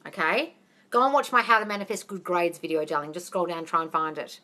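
A woman's voice: fairly low pitch, fairly quick, bright, forceful tone. An Australian woman hosting a casual live Q&A as a manifesting coach, blunt and sweary, calling everyone darling.

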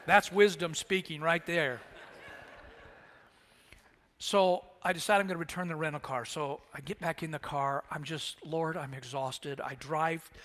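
A man preaching a sermon, telling a personal story with animated delivery and acted-out dialogue in a church sanctuary. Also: a little high, a little slow. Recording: long church reverb.

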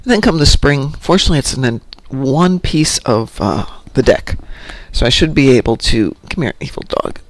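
A man's voice: mid-range voice, lively intonation, moderate pace, hardly any pauses, no room sound. A middle-aged man hosting a casual morning show, rambling and poking fun at himself. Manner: rambling and self-mocking.

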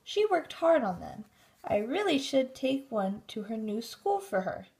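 A woman voicing a kindly male gardening teacher who talks gently to himself, in a storybook reading. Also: fairly high pitch, very animated, unhurried, vocal fry, heavily acted.

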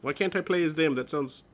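A man's voice: a little high, breathy edge. A man hosting a horror game let's play, nervous and jumpy, swearing often and cracking self-mocking jokes.

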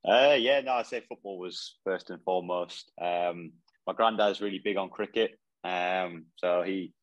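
A man's voice: sits low, unhurried, dry recording, dull audio. A man in his twenties from Northumberland, answering modestly and hesitantly with many fillers. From Northumberland, England. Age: 20s. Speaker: footballer guest. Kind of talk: casual interview.

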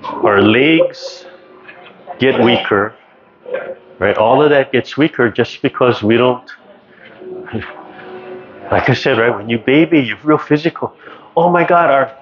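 A man teaching tai chi over a video call, relaxed and rambling, checking in with "right?" often. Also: mid-range voice, slow pace, pauses often. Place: community class, indoors. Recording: dull lo-fi video call audio with faint noise.

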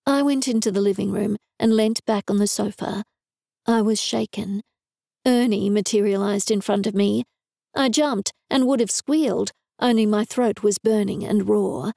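Gravelly, mellow woman narrating an audiobook. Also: mid-range voice, moderate pace, no echo, studio quality. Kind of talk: scripted narration.

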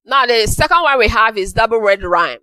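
A woman teaches a class with a bright, forceful, crisp voice that sits a little high. She goes over key phrases again, slowing them down so they sink in. The sound is dry and close. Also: expressive, no room sound, rough recording. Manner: repeats key phrases slowly for emphasis. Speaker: English teacher. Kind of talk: classroom lecture.

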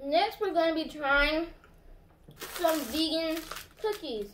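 A woman's voice: extremely high pitch, animated, slow, a bit bright. Young woman chatting in an echoey room. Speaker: vlog participant. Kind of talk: casual taste-test chat. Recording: echoey room with faint noise.

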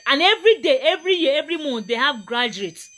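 A Nigerian motivational vlogger lectures her viewers, preachy and emphatic, repeating herself to drive points home. Her high voice swings widely in pitch, bright and forceful, very animated and fast, with soft music playing in the background.

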